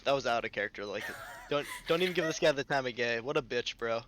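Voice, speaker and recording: A man with a stuffed-up, congested voice chats casually at a tabletop game. His voice sits in a middle pitch, and his talk is loose and joking. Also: animated, fast, a bit bright, a little hiss or hum. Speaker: player.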